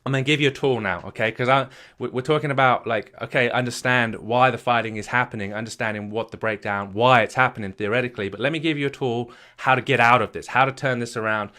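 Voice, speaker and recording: A man's voice: medium pitch, fairly even intonation, fast, hardly any pauses, pushed and bright. A man giving a motivational talk as a marriage coach, emphatic and repetitive, firing questions at the listener.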